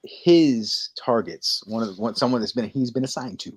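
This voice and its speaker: A man co-hosting a casual podcast, telling stories with lively energy and acting out lines in quick bursts. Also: mid-range voice, slightly rough. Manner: animated storytelling, acting out movie lines. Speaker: podcast co-host. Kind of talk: casual chat.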